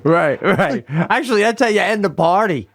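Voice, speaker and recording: A man's voice: sits high, expressive, normal speed. A middle-aged man co-hosting a podcast, riffing in casual comic chat, incredulous and swearing. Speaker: podcast co-host.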